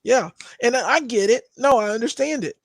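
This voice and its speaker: A man co-hosting a movie review podcast in casual chat, enthusiastic and quick to chime in. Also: very high-pitched, gravelly, dry recording, studio quality. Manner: enthusiastic, quick agreeing interjections. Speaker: podcast co-host.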